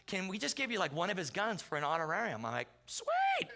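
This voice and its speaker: A man with a high voice preaches fast as a guest pastor in a church sanctuary, with some background noise. His sermon is built on stories: he tells comic tales in an animated way and acts out the voices of the characters.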